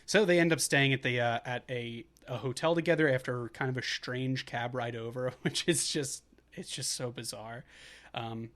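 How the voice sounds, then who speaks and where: A man's voice: mid-range voice, steady tone, moderate pace, a bit bright. Man, podcast co-host, casual movie recap, rambling, self-correcting.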